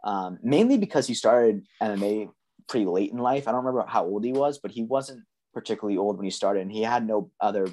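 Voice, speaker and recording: A man co-hosting a casual podcast, breaking down fights in a measured, analytical way with frequent ums. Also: fairly low pitch, dark tone. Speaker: podcast co-host.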